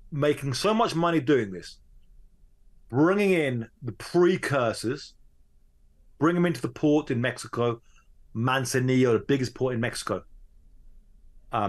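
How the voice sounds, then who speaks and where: Speaking in a mid-range voice, a male journalist tells a story as an interview guest in a conversational setting. At times he rushes in quick bursts, at others he draws things out slowly.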